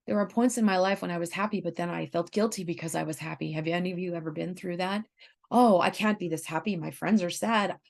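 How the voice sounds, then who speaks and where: Middle-aged healer lady talking to camera, a bit of fry in her voice, earnest and emphatic. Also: mid-range voice, a little mellow. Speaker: intuitive empathic healer. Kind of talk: talking-to-camera self-help talk.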